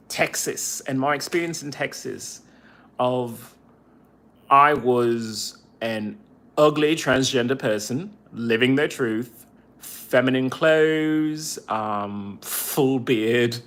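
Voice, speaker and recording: A man, a veteran podcaster, talking on a cell phone in a casual livestream monologue, halting and repeating phrases as he vents. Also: mid-range voice, a bit bright.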